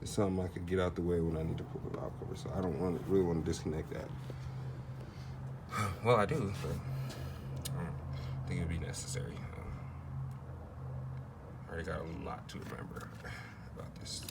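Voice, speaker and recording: A man's voice: deep voice, fairly even intonation, brisk, long pauses, heavy background noise. A man casually narrating a car repair in a loose, slangy way, thinking aloud as he works. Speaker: DIY car repair vlogger.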